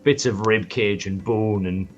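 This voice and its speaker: A man narrating as game master in a relaxed, chatty way, recorded over an online call. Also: fairly low pitch, a little slow, dull audio. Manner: relaxed, chatty, loose with fillers.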